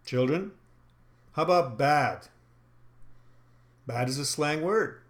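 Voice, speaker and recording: Guy teaching retail sales, kinda high voice, emphatic, acts out example lines. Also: lively intonation, slow. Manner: demonstrative, emphatic, acts out sample phrases. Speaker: sales trainer. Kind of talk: instructional talk.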